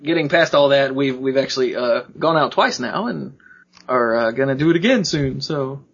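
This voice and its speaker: A man with a husky, slightly breathy voice tells a rambling personal story in casual chat, jumping into quoted voices of the people in it and laughing along the way. His pitch sits in an ordinary middle range. The recording is dull and lo-fi. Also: normal speed. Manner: animated, acts out quoted voices, laughs often. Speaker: podcast co-host.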